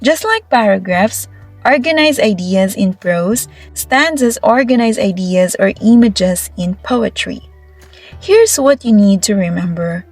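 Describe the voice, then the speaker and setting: Slow, encouraging woman teacher. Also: medium pitch, expressive, dry recording. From Philippines. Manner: upbeat, encouraging classroom explanation. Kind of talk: recorded video lesson. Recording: faint background music.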